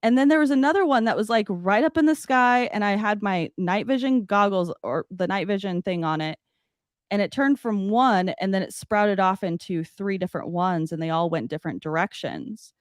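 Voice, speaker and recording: Chatty woman telling an animated story. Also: medium pitch, normal speed, no room sound, studio quality. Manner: animated, lots of "like" fillers. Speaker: podcast guest. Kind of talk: casual personal storytelling. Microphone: podcast studio mic.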